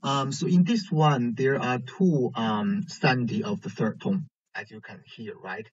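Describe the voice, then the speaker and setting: A man teaching a language lesson in English, pausing often with fillers. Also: medium pitch, slightly rough. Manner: hesitant, many pauses and fillers. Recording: dull lo-fi recording.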